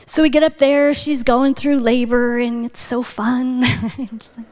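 A woman speaking at a church tells a story in a sermon, her high voice flat, a little slow, and darkish in tone. She drops to a whisper for emphasis and rises to a passionate exhortation at the close.

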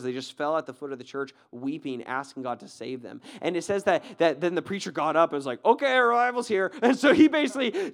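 A male pastor giving a sermon, telling a story in a loose, conversational way, often checking in with "right?" and laughing. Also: a little high.

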